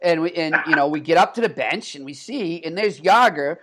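A man co-hosting a podcast, telling animated stories about a hockey player with lots of laughter and restarts. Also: a little high, a little fast, a little hiss or hum. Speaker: podcast co-host, hockey reporter. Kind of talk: casual storytelling chat.

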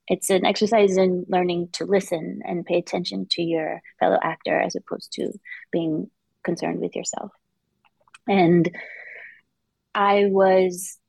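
A woman interview guest, speaking reflectively and openly, with halting restarts, on a close mic. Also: on the low side, gravelly, darkish tone, no echo, rough recording. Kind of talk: candid interview conversation.

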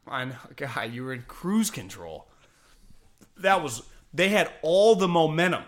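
A man talking sports in a casual, rambling, animated way, laughing and swearing as he goes. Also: a little high, a little slow.

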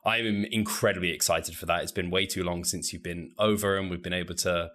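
Brief: easygoing British podcast host, very low voice, quick to laugh. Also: male voice, steady tone, a bit bright. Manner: easygoing and agreeable, laughs often. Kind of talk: casual interview conversation.

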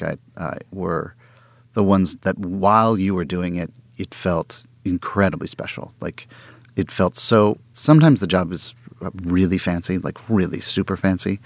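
A man, an actor guest, telling stories in casual conversation, animated, laughing and often restarting his sentences. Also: deep voice, moderate pace, dry recording.

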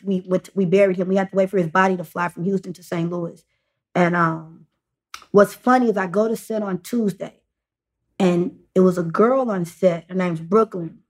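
A young woman sits in as a podcast guest and tells a long story in casual speech. She talks in halting runs and restarts often, leaning on small fillers between phrases. Her pitch sits in the middle range.

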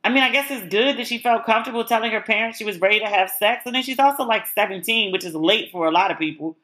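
Woman podcast host, crisp bright tone, chatty and blunt opinions. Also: on the high side, quick pace. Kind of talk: casual solo chat.

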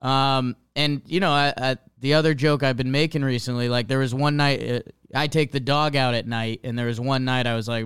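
A man's voice: medium pitch, little pitch movement, fairly quick, few pauses, a bit bright, clear, resonant tone, no room sound, clean studio sound. A man hosting a casual chat, joking and self-deprecating, often restarting his sentences. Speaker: podcast host.

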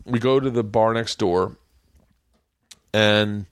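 A middle-aged man tells a long, animated story on his podcast and acts out each person in it. He swears freely, and his voice is recorded dry and close to the mic. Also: on the low side, slow pace, clear, resonant tone, no room sound. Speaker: podcast host. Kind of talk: casual chat.

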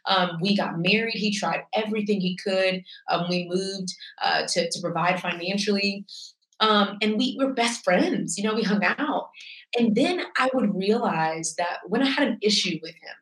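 A woman's voice: mid-range voice, normal speed, a bit bright, recorded from a distance. A woman pastor, a guest, telling her own story frankly and earnestly in a conversational way. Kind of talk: candid personal storytelling. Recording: echoey room, voice set back from the mic.

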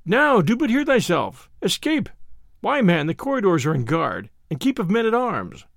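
A frightened young page boy, put on by a male narrator quakes through old-fashioned phrases in a raised, wavering voice. The pitch leaps about with fear, and the recording is close and dry. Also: huge pitch swings, normal speed, creaky, no echo, full character voice. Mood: alarmed. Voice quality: higher, trembling, archaic speech.

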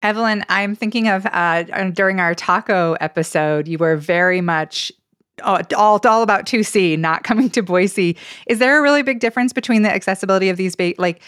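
This is a woman hosting a laid-back podcast conversation, from Idaho. She talks in loose, meandering sentences full of "like" and "uh". Her voice sits at an ordinary pitch and sounds dry and close. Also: a little fast, a bit bright, clean tone, dry recording. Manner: chatty, often trails off with "like" and "uh". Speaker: podcast host. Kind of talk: casual podcast chat.

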